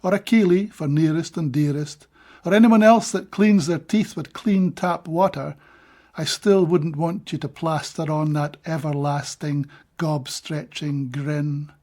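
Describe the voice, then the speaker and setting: A man's voice: a little high, fairly even intonation, warm tone. Scottish man reading poetry aloud. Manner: measured, deliberate reading with brief plain-spoken asides. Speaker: poet reading his own translations.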